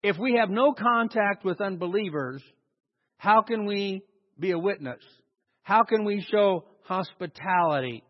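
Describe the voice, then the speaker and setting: A man preaching a sermon as pastor, animated and sarcastic, with mocking asides to the congregation. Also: high voice, unhurried, in a large hall, dull audio.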